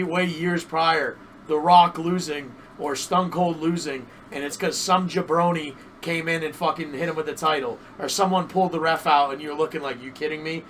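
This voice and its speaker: Animated man in casual podcast chat. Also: fairly high pitch, far from the mic, slight background noise, low-quality recording. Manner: animated, swears freely, repeats himself. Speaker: podcast co-host.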